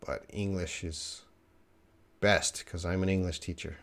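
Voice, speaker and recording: A man's voice: low voice, steady tone, a little slow, fairly bright tone. A man teaching a live English lesson, chatting with viewers and answering their questions with playful teasing.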